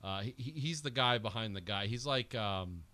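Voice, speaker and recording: A man's voice: fairly low pitch, lively intonation, moderate pace, bright, forceful tone. A man co-hosting a podcast, chatting casually about a film in a rambling, joking way with lots of fillers. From United States. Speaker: podcast co-host.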